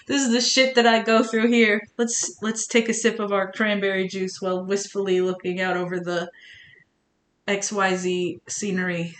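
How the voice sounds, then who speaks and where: A woman's voice: mid-range voice, level tone, moderate pace, slight background noise. A woman streamer chatting casually on a live stream, rambling with many restarts and sounding earnest and emotional.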